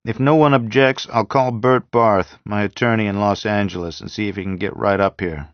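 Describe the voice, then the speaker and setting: Male narrator plays a clipped, businesslike leader in an audiobook, low voice; dull, dry recording. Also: steady tone, moderate pace, dry recording, lightly acted. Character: brisk take-charge man leading a group.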